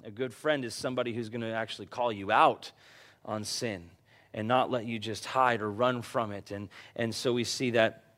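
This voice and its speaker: A middle-aged man preaching a conversational sermon, growing animated as he tells personal stories. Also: mid-range voice, normal speed. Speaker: pastor.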